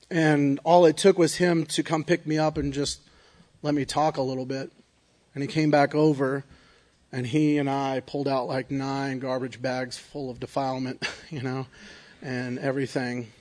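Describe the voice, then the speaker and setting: A man's voice: a little high, a little mellow. A man giving a personal recovery testimony in an earnest, confessional way, often checking in with "right?". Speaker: recovery speaker.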